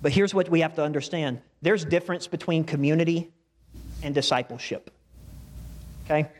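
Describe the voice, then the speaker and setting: A man's voice: fairly high pitch, moderate pace, big-room sound. A male pastor preaching a sermon in a conversational style, with asides to the congregation.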